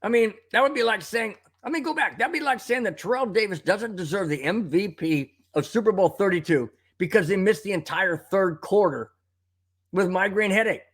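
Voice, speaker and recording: A man's voice: high-pitched, moderate pace, fairly bright tone, slightly rough. A man hosting a live sports talk stream, ranting in a worked-up way, reading viewer comments aloud and coughing now and then from a tickle in his throat. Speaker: live show host.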